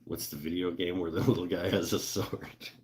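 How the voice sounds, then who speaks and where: A man with a very low voice hosts a casual livestream from his woodworking shop. He talks in a loose, joking way, full of fillers and asides to viewers. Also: level tone, moderate pace, slight background noise. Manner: laid-back, joking, lots of fillers and laughs. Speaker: livestream host. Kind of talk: casual livestream chat reading viewer comments.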